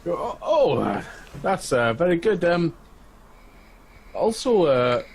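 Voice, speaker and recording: A man in a tabletop game session whose fairly high voice bounces up and down with animated energy. He chats casually, with a faint hiss of noise behind him. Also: slow, creaky. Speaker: player.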